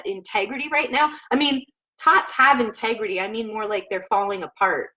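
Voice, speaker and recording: A woman's voice: fairly high pitch, a bit bright, dull audio. A woman hosting a casual cooking show from her home kitchen, rambling and laughing often as she cooks, recorded through a laptop microphone. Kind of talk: casual live cooking chat. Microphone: laptop mic.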